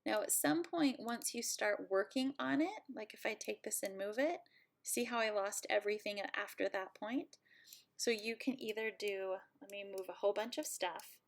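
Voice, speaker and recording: A woman instructor at home, giving a friendly, playful software tutorial walkthrough and joking about herself. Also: mid-range voice, moderate pace, gravelly.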